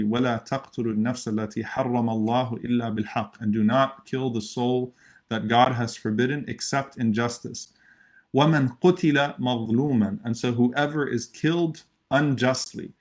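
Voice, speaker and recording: A man with a mid-range voice delivers an earnest sermon for an online audience. He presses his points by repeating phrases. He breaks into rapid Arabic recitation, then translates it line by line. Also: medium pitch. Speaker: imam giving a khutbah. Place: virtual khutbah recording.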